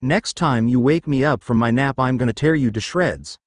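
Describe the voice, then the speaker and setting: A man voicing a giant, menacing male fox spirit with a gruff, threatening manner in a storybook reading. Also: medium pitch, normal speed, dry recording, studio quality, lightly acted.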